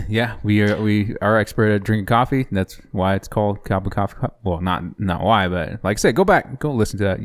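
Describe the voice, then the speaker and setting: Lower-voiced guy rambling on a chill podcast, laughs a lot, keeps restarting. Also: fairly quick, hardly any pauses. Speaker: podcast co-host. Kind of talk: casual chat.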